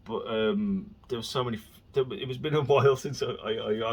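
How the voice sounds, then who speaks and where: Male podcast host, husky voice, loose chatty monologue with bursts of exasperation. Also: mid-range voice, fairly quick, a little mellow. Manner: rambling, chatty, breaks into exasperated rants. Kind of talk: casual solo podcast rambling.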